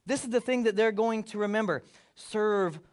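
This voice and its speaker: High-voiced animated man preaching. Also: moderate pace. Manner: animated, playful asides, acts out voices of the disciples. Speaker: pastor. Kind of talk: sermon.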